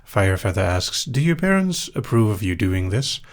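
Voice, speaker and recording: A young Dutch man with a Dutch accent, a hypnosis show host calmly reading out and answering audience questions with dry humor. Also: on the low side. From Netherlands. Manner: calm, unhurried, dry humor. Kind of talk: live Q&A reading chat questions.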